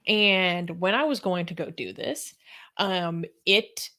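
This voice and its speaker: A woman's voice: fairly low pitch, slow, pushed and bright. A woman co-hosting a casual news talk show, dry and teasing, then reading headlines.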